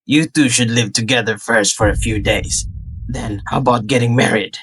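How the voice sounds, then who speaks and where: A man's voice: medium pitch, steady tone, moderate pace, a bit bright, husky. A man voicing a scheming, jolly old grandfather who gives orders, in a dubbed drama. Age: older. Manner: chuckling, bossy. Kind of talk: fan drama dubbing.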